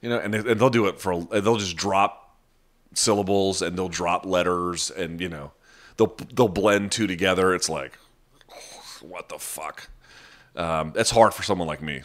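Deep-voiced blunt man hosting a chat. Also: normal speed. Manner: blunt, profane, talks off the cuff. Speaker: live chat host answering viewer questions. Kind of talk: casual live-stream chat.

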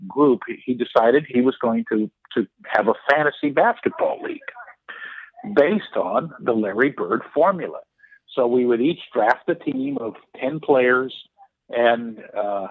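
A man's voice: medium pitch, no room sound. A sportswriter in his sixties, telling an anecdote as a guest with lots of restarts and fillers. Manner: halting, frequent restarts and fillers. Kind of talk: storytelling anecdote in interview. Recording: tinny phone line.

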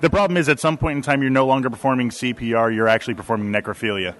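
A man's voice: mid-range voice, steady tone, very fast, very noisy. A man trading sardonic quips as a guest on a convention panel. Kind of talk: joking panel banter.

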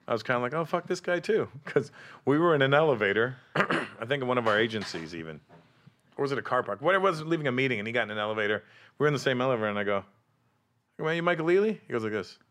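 A man telling funny anecdotes in a casual podcast chat, animated and often dropping into a hushed voice. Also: mid-range voice. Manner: animated storyteller, drops to hushed tones for anecdotes. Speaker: comedian.

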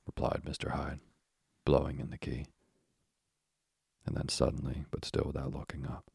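A man narrating a classic novel in a measured, hushed reading with a husky, gravelly voice. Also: a bass voice, flat delivery, dry recording. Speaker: audiobook narrator.

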